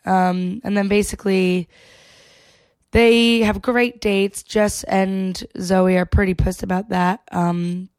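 A woman's voice: mid-range voice, little pitch movement, slow, a little mellow, no room sound. A woman hosting a podcast, chatting casually and sarcastically through a recap and swearing freely. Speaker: podcast host.

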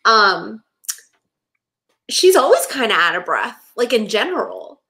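A young woman co-hosting a casual rewatch podcast, animated and exasperated, saying "like" constantly. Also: on the high side, a little slow. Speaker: podcast co-host.

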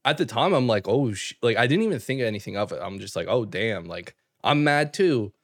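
A young man from Canada telling an animated story on a casual podcast, full of fillers and quick asides. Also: medium pitch, dry recording, studio quality. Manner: animated storyteller, fast filler-heavy talk with laughs. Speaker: podcast co-host. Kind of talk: casual chat.

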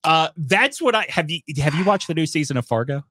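A man's voice: on the high side, lively intonation, fairly quick, sharp tone, dry recording, clean studio sound. Earnest man podcast co-host from Alabama. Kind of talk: casual sports podcast chat.

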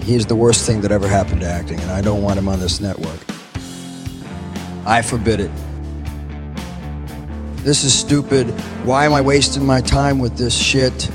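A man's voice: fairly low pitch, fairly even intonation, normal speed, long pauses, lightly acted. A man putting on an impression of a cranky old-time comedian, grumbling and insulting, with music behind.

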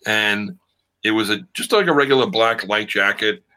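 A man, an actor guest, telling animated stories in casual chat and acting out what people said. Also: lowish voice, normal speed. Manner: animated storyteller who acts out quotes.

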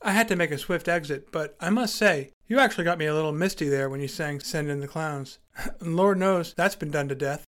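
A man's voice: fairly high pitch, fairly quick, fairly bright tone. A man telling a first-person story with acted dialogue in a dry, wry, articulate way, and hosting his podcast.

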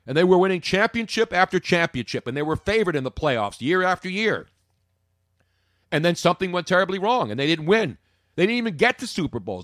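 Animated, jokey sports host. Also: male voice, fairly high pitch, no echo, clean studio sound. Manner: animated, jokey, swings from loud to muttering. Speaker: sports talk podcast host. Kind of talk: opinionated sports talk.

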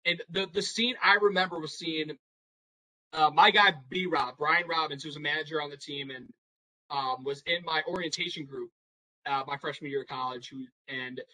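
A man's voice: on the high side, normal speed, rough recording. A young man telling a sports story in a casual, rambling way, with lots of fillers and acted-out quotes. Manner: animated, rambling with many fillers, acts out quotes. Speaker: podcast guest storyteller.

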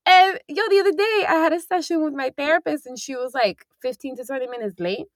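A woman's voice: sits high, fast, no room sound, clean studio sound. A young woman in casual chat, talking candidly and rambling with many fillers and the odd swear word.

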